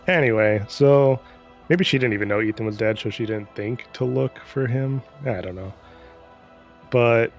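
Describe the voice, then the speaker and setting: A man casually recapping a game's story in a rambling, profane, sarcastic way. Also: on the low side. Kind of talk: casual chat.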